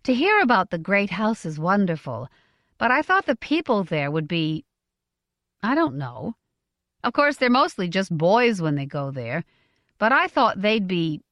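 A woman's voice: medium pitch, very animated, measured pace, fairly bright tone, dry recording, clean studio sound. A woman voicing a big, strong, earnest young village woman in an audiobook, eager and wondering. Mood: troubled. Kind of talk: audiobook character voice.

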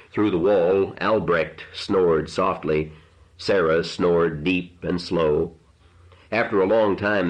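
Deep-voiced man reading a novel aloud. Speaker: narrator. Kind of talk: audiobook narration. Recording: dull lo-fi recording.

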